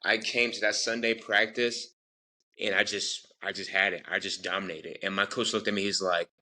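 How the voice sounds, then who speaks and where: A man's voice: fairly low pitch, steady tone, moderate pace, sharp tone. A young man from Texas, an interview guest telling his story earnestly and rambling, acting out what others said. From Texas, United States. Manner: earnest, rambling, acts out quoted dialogue.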